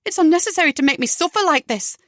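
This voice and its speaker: A woman's voice: high voice, lively intonation, fast, fairly bright tone, dry recording, clean studio sound, voice pushed up. A woman voicing a frightened, resigned young woman held captive, pleading in a strained voice. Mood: desperate.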